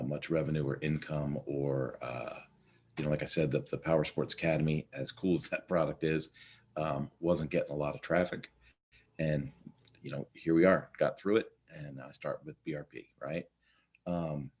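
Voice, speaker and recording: A man's voice: very deep voice, darkish tone, breathy edge. A man hosting a casual morning check-in, talking in a rambling, conversational way with lots of fillers and restarts. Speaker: podcast host.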